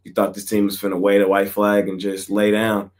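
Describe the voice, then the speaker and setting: A man hosts a sports picks show in a relaxed, slangy chat. His voice sits fairly low. He often lets his sentences trail off into a quiet mumble. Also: fairly quick. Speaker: sports betting picks host.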